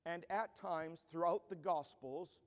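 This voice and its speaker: Earnest preacher, echo of a large church. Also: male voice, on the high side, measured pace. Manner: earnest, emphatic expository preaching. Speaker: pastor. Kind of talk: sermon.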